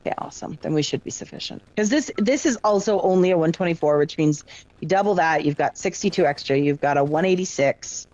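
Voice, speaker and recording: A middle-aged woman chatting casually with friends while playing a game, telling stories in a lively, chatty way. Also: deep voice, a little fast, dry recording, lo-fi sound. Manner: chatty storytelling, lively retelling of exchanges. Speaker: parent and gamer. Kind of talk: casual chat while gaming.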